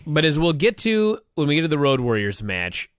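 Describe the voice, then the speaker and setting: A man's voice: on the high side, very animated, moderate pace, dry recording, clean studio sound. A man co-hosting a casual chat show, making wry, sarcastic asides and swearing freely. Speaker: podcast co-host.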